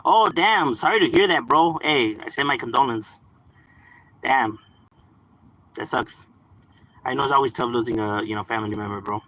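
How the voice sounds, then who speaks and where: A man's voice: medium pitch, normal speed, pauses often, a bit bright, slight background noise, rough recording. A young man chatting casually on a live stream, slangy and laughing often. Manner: laid-back slang, mixes in Spanish words, laughs often.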